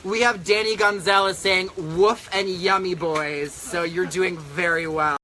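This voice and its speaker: A campy man hosting in drag, his voice pitched a bit high with a bright, sharp edge. He chats in a sassy, profane way into a handheld camera out on a humid deck, with a faint hum of outdoor ambience behind him. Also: steady tone, unhurried. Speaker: drag queen host. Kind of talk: casual chat. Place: outdoor back deck in humid rainy weather.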